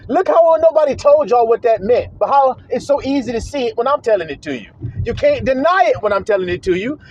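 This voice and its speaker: Brief: man, very high voice swinging up and down, combative and profane street preacher, muffled lo-fi recording. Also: darkish tone. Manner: combative, profane, hammering rhetorical questions. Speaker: self-styled preacher. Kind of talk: confrontational preaching monologue. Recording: dull lo-fi sound.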